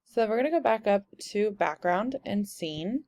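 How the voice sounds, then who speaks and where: A young woman walking through a software tutorial step by step in a casual, explaining way. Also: medium pitch, animated, moderate pace. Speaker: instructor.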